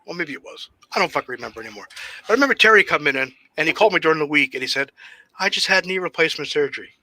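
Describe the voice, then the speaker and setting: A man with a very bright, sharp tone tells old stories in a loose, profane way. His pitch sits high and leaps around as he acts out quotes and laughs. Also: very fast, no echo, low-quality recording. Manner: animated, swearing, acts out quotes with big laughs. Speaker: guest wrestler. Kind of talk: casual shoot interview storytelling.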